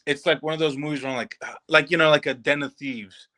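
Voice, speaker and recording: A man's voice: a little high, fairly even intonation, fast talker, sharp tone. A man co-hosting a podcast, talking loosely about films with many fillers and restarts. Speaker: podcast co-host. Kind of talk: casual film review chat.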